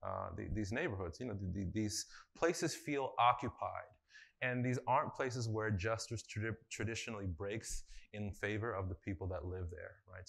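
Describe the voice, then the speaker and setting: Bright-voiced man leading a workshop. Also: fairly low pitch, vocal fry. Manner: conversational, asks the audience questions, many fillers. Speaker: workshop facilitator. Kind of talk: conference workshop talk. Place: conference room before a live audience.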